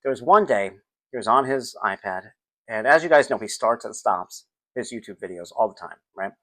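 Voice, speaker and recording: A middle-aged man talks through a relaxed solo podcast, his pitch swinging widely as he retells family moments. He drops into quick acted-out voices and bits of children's songs along the way. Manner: animated, acts out scenes, sings snippets. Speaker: podcast host. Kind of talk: casual solo podcast storytelling.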